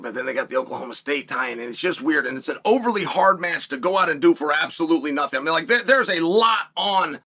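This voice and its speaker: A high-pitched, lively male host talks straight to his audience. His voice is bright and slightly husky, with emphatic stretches and drawn-out pauses for effect. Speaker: show host. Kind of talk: solo commentary.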